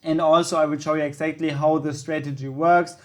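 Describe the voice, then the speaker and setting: A man's voice: on the high side, flat delivery, a little fast. A young man, a native German speaker, hosting a screen-recorded trading tutorial and talking casually, correcting himself with frequent ums and yeahs. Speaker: trading channel host.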